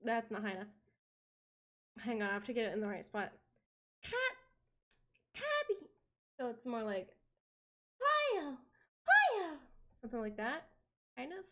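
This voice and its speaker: A woman streamer chatting casually on a live stream, playful and quick to swear. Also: mid-range voice.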